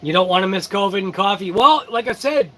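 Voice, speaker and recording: A man's voice: high-pitched, lively intonation, brisk, bright, forceful tone, rough recording. A man hosting a hobby channel, chatting casually and sleepily with viewers, yawning and laid-back. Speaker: RC channel host. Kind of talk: casual live-stream chat.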